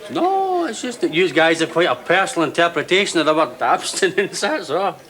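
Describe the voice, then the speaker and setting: Sitcom: a mocking Glaswegian barman, high and animated. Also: fairly quick. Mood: teasing. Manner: dry, teasing. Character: wry young barman, sarcastic. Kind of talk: scripted sitcom acting.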